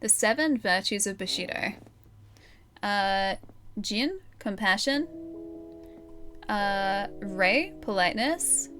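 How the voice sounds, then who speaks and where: A woman's voice: mid-range voice, animated, slow, pauses often, a bit bright, soft background music. An Australian woman streaming live, casually thinking aloud and chatting with her viewers.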